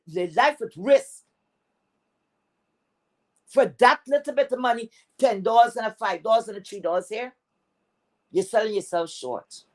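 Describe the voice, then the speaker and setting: A Caribbean-accented woman on a livestream, ranting with heavy cursing. Her voice swings between loud outbursts and low grumbles, and she hammers the same phrases again and again. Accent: Caribbean English. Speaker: livestream host. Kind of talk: heated livestream rant.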